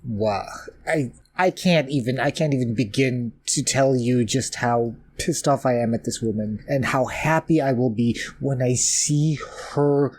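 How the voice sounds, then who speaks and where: A man giving casual, expressive commentary while watching a movie for the first time, swearing and laughing along. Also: medium pitch, a little slow, hardly any pauses, breathy edge. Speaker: movie reactor. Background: film audio playing faintly.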